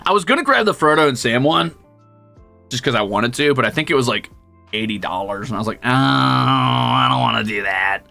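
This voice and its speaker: A young man chatting casually while gaming, telling stories with jokes and swearing and jumping into high voices to quote people. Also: quick pace, faint music behind. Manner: animated storyteller, jumps into high squeaky voices when quoting. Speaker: streamer.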